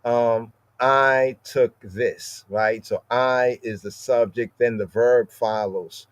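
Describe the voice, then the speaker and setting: Man, bible study teacher, slow deliberate delivery, dry close sound, keeps asking "right?". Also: medium pitch, steady tone, dry recording. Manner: repetitive, asks "right?" constantly, spells out words. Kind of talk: informal scripture lesson.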